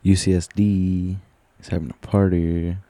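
Deep, dark-voiced laid-back man. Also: flat delivery, measured pace, dry recording. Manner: laid-back listener, short replies, laughs along. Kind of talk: casual chat.

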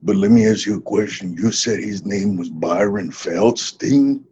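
A man's voice: fairly low pitch, a little slow, dark tone, lo-fi sound, slight background noise, close to an everyday voice. A man playing a laid-back Mexican ex-wrestler who hatched from an egg, drawling and saying "man" constantly in a comedy interview. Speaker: interview guest.

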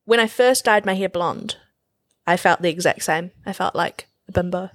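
A woman's voice: fairly low pitch, normal speed, dry recording, clean studio sound. A woman hosting a podcast who chats casually, chiming in with playful, supportive comments. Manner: lively, supportive, playful interjections. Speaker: podcast host. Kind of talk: casual chat.

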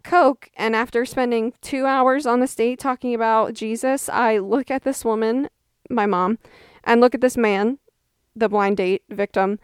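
In this casual storytelling monologue, a podcast host in her twenties talks with a wry, chatty flair, putting on exaggerated voices when she quotes others. She sounds a little high and smooth, and the recording is dry with clean studio sound.

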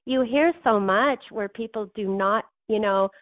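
A woman's voice: medium pitch, a little slow, dry recording, narrow, tinny audio. A woman author, a guest on a podcast interview, telling her story in a heartfelt, emotional way.

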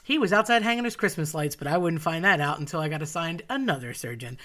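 A woman's voice: low voice, animated, quick pace, a bit bright. Wry woman telling a true story. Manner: wry, self-mocking, comic asides. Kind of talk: personal story told to an audience.

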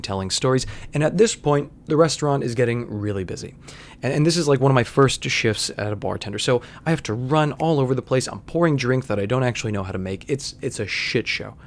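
A young man tells a personal story in a dry, deadpan way. He sounds casual and conversational at an ordinary middle pitch.

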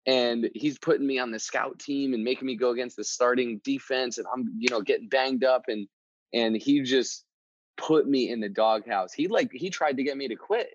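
A man hosting a motivational podcast, telling a personal story in a casual, energetic way and often repeating himself. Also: medium pitch, normal speed, dry recording. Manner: energetic, conversational, repeats words. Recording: dull, dry sound.

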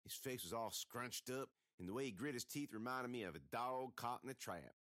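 A man's voice: mid-range voice, expressive, normal speed, a bit bright, no echo, clean studio sound. A man reading a folksy first-person story aloud as an audiobook narrator.

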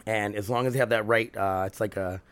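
A man hosts a casual solo podcast from home, rambling, swearing freely and laughing often. His lowish voice is fairly bright, clear and resonant, with fairly even intonation and a slightly fast pace, in a dry recording.

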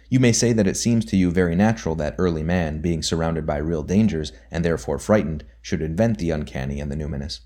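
A man with a very low, deep voice reads a nonfiction book aloud for an audiobook. His delivery is measured and deliberate. His voice sinks quietly whenever he marks off a quotation. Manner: measured, deliberate reading that drops softly on quote markers. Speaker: audiobook narrator. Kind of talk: scripted reading of a nonfiction book.

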